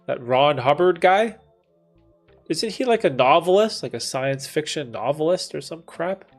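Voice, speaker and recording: A man's voice: a little high, animated, unhurried, soft background music. A man in his thirties hosting a livestream, reading chat and talking in a casual, laid-back way, with frequent dude and bro and some swearing. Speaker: livestream host answering chat.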